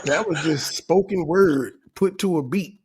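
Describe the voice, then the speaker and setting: A man's voice: on the high side, unhurried, a little mellow, slightly rough, low-quality recording. A young adult man hosting reaction commentary, joking and mocking with plenty of profanity. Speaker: commentary channel host.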